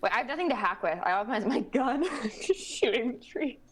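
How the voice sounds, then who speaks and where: A woman's voice: a little high, animated, fairly quick, a crowd in the background. Eager, earnest woman player. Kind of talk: tabletop game play, casual chat.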